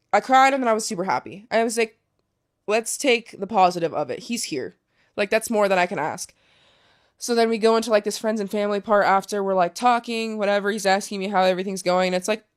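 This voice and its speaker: A young woman who plays professional soccer tells a story candidly in a casual interview, swearing freely and saying "like" a lot. Her voice is mid-range.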